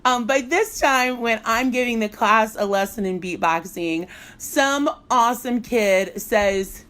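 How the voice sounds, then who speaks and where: A woman's voice: on the high side, a little slow, fairly bright tone. Chatty, playful middle-aged woman teacher. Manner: chatty and playful, laughs often. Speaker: music teacher and blogger. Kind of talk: casual live online teaching demo.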